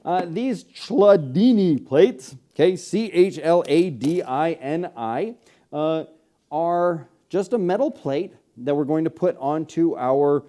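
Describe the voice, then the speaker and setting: A man's voice: a little high, slow pace, mellow. An American man hosting a children's science show, explaining demonstrations in a chatty way and often checking in with "okay?". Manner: chatty, tags sentences with "okay?". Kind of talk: science demonstration lesson for kids.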